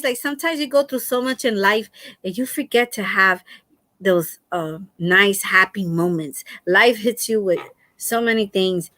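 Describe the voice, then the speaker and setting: A middle-aged woman hosting a crafting livestream, telling a story to her viewers in a casual, animated way, laughing often and repeating herself. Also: mid-range voice, measured pace, no room sound. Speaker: crafting channel host.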